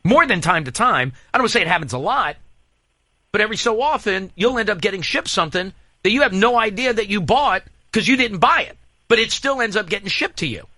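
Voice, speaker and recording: A man hosting a morning radio show, telling stories in rambling, animated casual banter with frequent restarts. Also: high-pitched, a little fast, no echo. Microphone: studio microphone.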